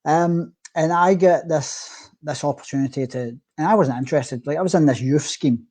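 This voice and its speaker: A man hosting a podcast, talking in a relaxed, reflective way with halting restarts. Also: on the high side. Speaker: podcast host. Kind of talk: casual conversation.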